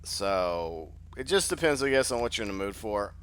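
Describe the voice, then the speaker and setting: Male host, low-pitched and smooth, drowsy, rambling game walkthrough. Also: very animated, normal speed, a bit bright. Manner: rambling, filler-heavy, thinks aloud. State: sleepy, just woke up. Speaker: gaming channel host. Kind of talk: casual gameplay commentary.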